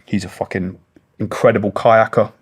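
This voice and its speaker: A middle-aged British man, a former special forces soldier appearing as an interview guest, tells war stories bluntly and emotionally, swearing heavily. His voice is fairly low, steady, slightly rough, and moderately paced, in candid storytelling.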